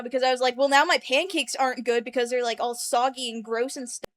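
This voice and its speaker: A woman's voice: high voice, fairly quick, a little hiss or hum. A woman co-hosting a casual podcast, telling a long dream story and acting out the people in it. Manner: animated storyteller acting out quoted voices. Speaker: podcast co-host.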